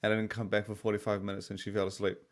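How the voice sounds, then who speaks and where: A man's voice: lowish voice, monotone, very fast. Tired, profane man rambling on a podcast. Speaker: podcast co-host. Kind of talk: casual podcast chat.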